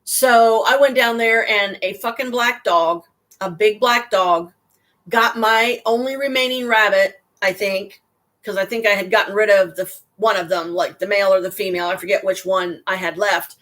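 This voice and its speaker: A woman's voice: mid-range voice, fairly even intonation, moderate pace, fairly bright tone. Rambling, heartfelt woman telling stories. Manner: rambling and heartfelt, frequent restarts and asides. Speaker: storyteller addressing a listener. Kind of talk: casual personal storytelling.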